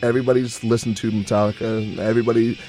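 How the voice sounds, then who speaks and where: A man's voice: medium pitch, little pitch movement, quick pace, warm tone, faint music behind. A young man co-hosting a college radio show in a studio, chatting in an easygoing, rambling way and laughing often. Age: young adult. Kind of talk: casual chat. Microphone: studio mic.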